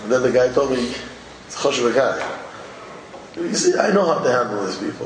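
Animated man teaching in a hall. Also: medium pitch, fairly quick. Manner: animated, mixes Hebrew and Yiddish terms into English. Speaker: religious teacher. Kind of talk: informal Torah talk. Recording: echoey hall from far off, faint ambient noise.

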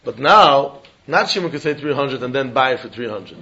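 Animated Talmud teacher with lilt. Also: male voice, medium pitch, moderate pace, muffled recording, a little hiss or hum. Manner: sing-song study-hall explaining, acting out both sides of a deal. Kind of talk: animated Talmud class lecture.

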